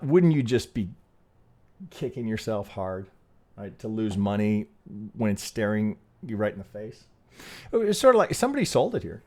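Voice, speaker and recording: A man at a mid-range pitch talking through market charts in a loose, unscripted way. He circles back on himself, restarts sentences and tacks "right?" onto his points. His tone is blunt and plain, with the odd casual curse. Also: a little mellow. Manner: rambling, frequent "right?" tags and restarts. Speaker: trading channel host. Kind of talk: casual chart analysis walkthrough.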